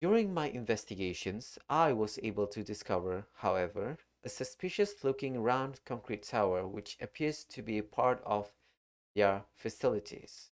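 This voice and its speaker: A man with a fairly low, expressive voice streams a horror game live. He talks through the gameplay and reads the in-game documents aloud at an unhurried pace.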